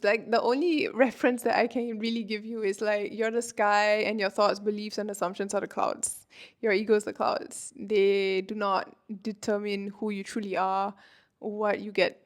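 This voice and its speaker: A woman's voice: mid-range voice, level tone, moderate pace. A woman in her twenties, a manifestation coach talking casually to camera, chatty and filling her talk with "like" and "you know", laughing often. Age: 20s.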